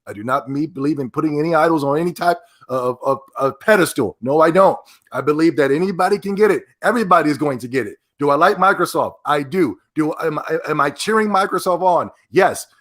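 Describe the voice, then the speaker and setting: A man's voice: fairly high pitch, a little fast, hardly any pauses. Fired-up man ranting on a podcast. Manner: emphatic, animated, breaks into laughs; repeats himself when worked up. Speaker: podcast host. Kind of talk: ranting commentary.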